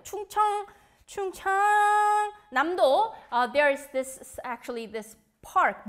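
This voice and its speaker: A woman's voice: high voice, fairly bright tone. A young woman, hosting a live quiz show in playful, giggly chat while reading out viewer comments. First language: Korean.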